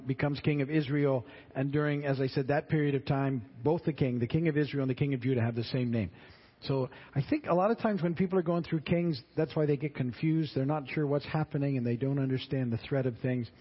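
A man's voice: medium pitch, slightly rough. A man teaching a Bible class, reading passages aloud and breaking off into casual explanations. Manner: reads scripture aloud, then explains in casual asides. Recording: dull lo-fi sound with long reverb.

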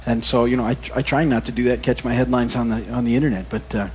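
A middle-aged male pastor giving a relaxed, conversational sermon that wanders into corny jokes. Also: mid-range voice, fast talker, breathy edge. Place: church. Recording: long reverb in a church hall.

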